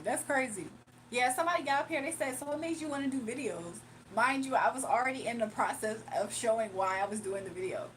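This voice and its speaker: A woman's voice: fairly high pitch, a bit bright, slight background noise, low-quality recording. A woman hosting a casual livestream, chatty and giggly as she reads comments aloud. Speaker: livestream host reading chat.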